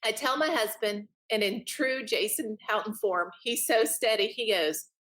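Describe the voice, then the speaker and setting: A woman, a podcast guest telling a story in a lively way and acting out what others said. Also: a little high, moderate pace. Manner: animated, laughing, acts out quotes. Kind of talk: casual storytelling.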